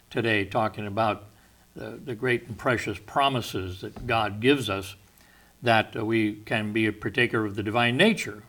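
A man leads a Bible study in a steady mid-range voice, working verse by verse. He leans on key words and unpacks their meanings with deliberate care. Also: mid-range voice.

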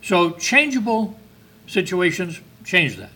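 A man's voice: high voice, very animated, takes it slowly, bright, forceful tone. A man preaching a sermon in a conversational way, asking his listeners questions and reading scripture aloud. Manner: conversational preaching with rhetorical questions and emphatic lifts; reads scripture in King James wording.

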